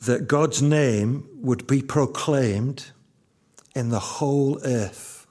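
Male pastor in his fifties, unhurried sermon delivery with emphatic repetition. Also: mid-range voice, darkish tone. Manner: slow, emphatic, repeats key lines.

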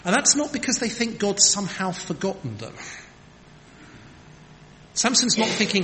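A man's voice: high voice, sing-song, moderate pace, bright, forceful tone. Earnest male preacher in a reverberant hall. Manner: earnest, emphatic, asks rhetorical questions. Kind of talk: sermon. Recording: long hall reverb, faint background noise.

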